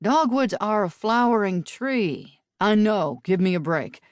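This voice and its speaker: A woman's voice: medium pitch, lively intonation, unhurried, clean tone, no echo, studio quality, pitched above the performer's own voice, natural voice. A woman voicing an amiable male US marshal with a Southern accent and a teasing, easygoing manner.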